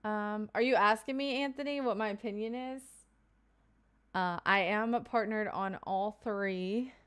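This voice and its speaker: A woman's voice: mid-range voice, a little slow, fairly bright tone, clear, resonant tone. A woman from Kentucky streaming live, chatting casually with her viewers and reading out their comments with loose asides and fillers.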